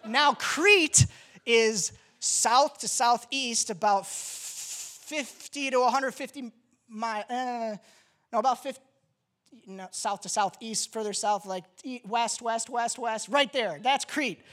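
Woman preacher, relaxed and jokey with her congregation, lightly high-pitched and lively. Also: slow. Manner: animated, joking, talkative. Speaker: pastor. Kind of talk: casual sermon.

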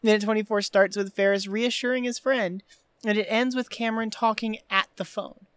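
Animated woman podcast host, dry sound. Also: medium pitch, a little fast, clean tone, dry recording. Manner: animated, recounts scenes with lots of "like" fillers. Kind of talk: casual podcast chat recapping a film.

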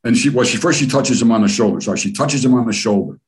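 A man's voice: mid-range voice, fast talker. An older man from the United States telling long, profane, rambling stories as an interview guest. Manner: profane, rambling, animated storyteller. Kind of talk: casual storytelling interview.

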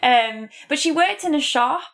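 A woman from the UK co-hosts a casual podcast with an enthusiastic manner. Her slightly high voice has a strong gravelly fry. She often stumbles over repeated words. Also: expressive, unhurried, fairly bright tone. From United Kingdom. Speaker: podcast co-host.

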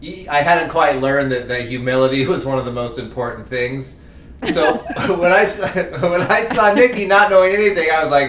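A man's voice: fairly high pitch, moderate pace, fairly bright tone, roomy sound, distant mic, slight background noise. A man guest in casual chat, earnest and laughing now and then as he tells it. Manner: earnest, laughs while telling.

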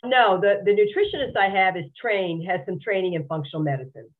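A woman's voice: medium pitch, a little fast. A woman guest on a podcast, frankly and earnestly telling her own story, often repeating words as she goes. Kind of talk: candid personal interview. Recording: tinny phone-like remote line.

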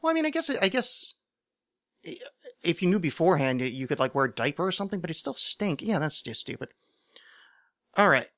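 A man's voice: a little high, sing-song, a little fast, pauses often, bright, forceful tone, no room sound, clean studio sound. A man hosting a solo podcast, chatting casually in a rambling, self-mocking way with lots of fillers. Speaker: podcast host.

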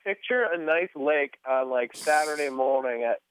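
A man's voice: on the high side, moderate pace, clean tone, dry recording. A man telling casual stories as a podcast guest, acting out what people said. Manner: laid-back storyteller, acts out quotes. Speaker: podcast guest, motocross mechanic. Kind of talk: casual chat. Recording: tinny phone-like line.

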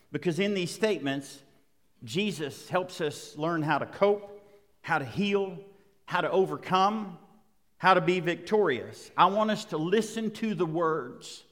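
A pastor delivers a sermon in a measured, deliberate cadence, his voice sitting a little higher than most men's. He leans on dramatic pauses and lets his intensity build line by line. His words ring out with a long reverb, as if spoken in a large church sanctuary. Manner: emphatic preaching with dramatic pauses and rising intensity.

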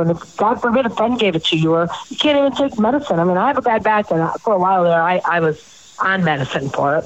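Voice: medium pitch, muffled recording. A host rambling through profane personal stories in a casual chat.

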